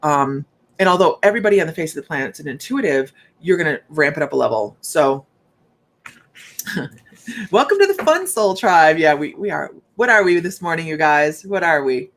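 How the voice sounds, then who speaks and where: A woman's voice: deep voice, brisk. A woman working as a psychic medium, giving a rambling, chatty live reading and talking straight to her viewers.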